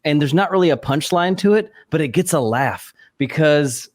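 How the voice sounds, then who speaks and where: A man's voice: on the high side, animated, normal speed. Thoughtful man hosting a podcast. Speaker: podcast host. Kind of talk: casual podcast interview.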